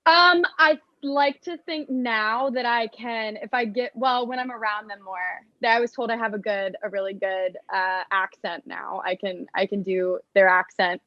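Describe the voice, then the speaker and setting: A young American actress talking casually in an interview, chatty and self-deprecating with lots of fillers. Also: female voice, medium pitch, fairly even intonation, moderate pace, hardly any pauses, dry recording. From United States. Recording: dull, dry lo-fi sound.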